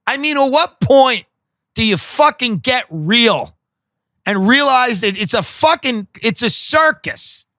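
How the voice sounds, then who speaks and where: A man's voice: very high-pitched, animated, unhurried, pushed and bright, no room sound, studio quality. A man hosting a podcast, delivering a profane, sarcastic comedic rant that mocks the people he describes. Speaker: podcast host.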